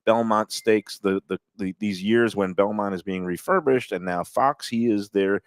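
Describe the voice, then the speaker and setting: A man's voice: lowish voice, normal speed, dry recording. A man from New York co-hosting a casual outdoor chat at the beach, rambling with many repeated words. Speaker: co-host. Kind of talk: casual banter.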